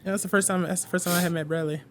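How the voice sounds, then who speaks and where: A man's voice: high-pitched, fairly even intonation, racing, background noise. A man chatting as a podcast guest, rambling with lots of fillers and swearing. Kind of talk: casual chat.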